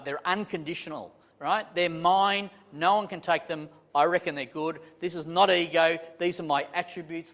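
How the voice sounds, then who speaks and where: A man giving a casual, joking training talk to a live audience, with many restarts. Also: fairly high pitch. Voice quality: chatty, animated, self-deprecating jokes, many restarts. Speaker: property management trainer. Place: conference room with a live audience. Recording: long reverb in a large hall.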